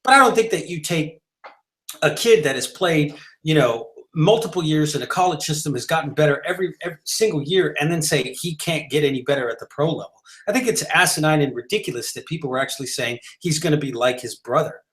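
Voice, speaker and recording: A man's voice: fairly high pitch, animated, fast talker, a bit bright. A man co-hosting a live sports talk show, arguing emphatically and rambling with frequent restarts and fillers. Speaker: podcast co-host.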